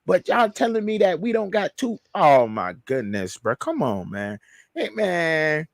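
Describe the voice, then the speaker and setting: A man co-hosting a college football talk show, worked up and full of slang, circling back over the same points. His voice sits a bit high. The sound is dry and close, with no room around it. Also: a little slow, gravelly, no echo. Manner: animated, repeats himself, slangy. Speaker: show co-host, fan. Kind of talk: heated sports banter.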